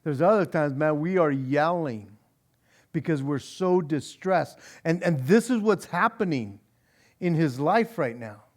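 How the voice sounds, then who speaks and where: Man, pastor, high-pitched voice, animated Bible study teaching, repeats words, laughs often, church. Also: measured pace.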